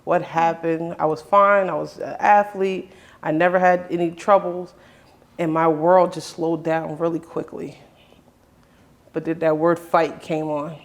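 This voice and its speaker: A man's voice: on the high side, little pitch movement, a little slow. A man hosting a conversation, earnestly telling a personal story in his own words and often quoting what others said to him. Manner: earnest, with many restarts and quoted dialogue. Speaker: host.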